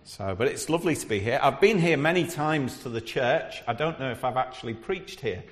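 A man's voice: mid-range voice, lively intonation, fairly quick. A middle-aged man with a Scouse accent from Liverpool, a visiting preacher chatting to the congregation with frequent hesitations, then reading scripture. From Liverpool, England. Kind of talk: church service address. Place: church. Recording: reverberant church hall.

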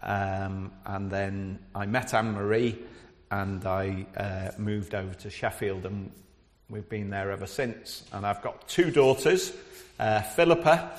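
A man's voice: on the low side, fairly even intonation, takes it slowly. Scouse man preaching in an echoing church. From Liverpool, England. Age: middle-aged. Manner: chatty, with frequent hesitations. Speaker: visiting preacher. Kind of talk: church service address. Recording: reverberant church hall.

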